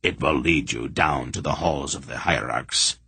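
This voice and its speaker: A man's voice: extremely low pitch, measured pace, sharp tone, husky, dry recording, voice pushed down, heavily acted. A man reading an audiobook, voicing a harsh, suspicious masked priest who questions strangers. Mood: instructing. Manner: harsh, demanding.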